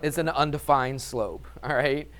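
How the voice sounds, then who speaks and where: A man's voice: medium pitch, measured pace. A man teaching a math class, telling a story with lots of laughter and acting it out, then teasing his students. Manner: animated, laughs often, acts out story.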